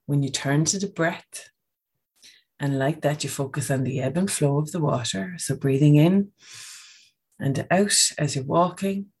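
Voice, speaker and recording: A woman's voice: sits low, measured pace, husky. A woman giving a casual, coaching podcast talk on breathing, often checking in with "okay?".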